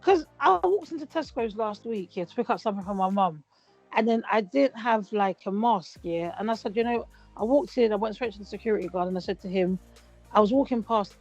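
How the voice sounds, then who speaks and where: A woman, co-hosting a casual chat and telling stories with lively acted-out quotes. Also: a little high. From Britain. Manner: animated storytelling, acts out quotes. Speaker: podcast co-host. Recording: dull lo-fi sound with faint music.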